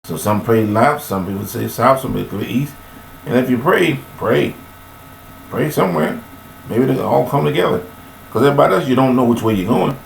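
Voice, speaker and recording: Man, gravelly voice, rambling preachy delivery into a webcam, echoey room. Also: brisk, a little hiss or hum. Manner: preachy, rambling, with sudden high-pitched emphatic outbursts. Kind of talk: rambling spoken monologue on faith and forgiveness.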